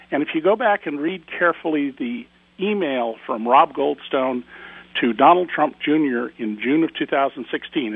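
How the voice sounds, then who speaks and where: A man speaks as a radio interview guest, firm and indignant, hammering each point home. His voice is a touch husky and sits fairly high. He comes through a narrow, tinny phone line with no room echo at all. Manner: emphatic, indignant commentary. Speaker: guest author.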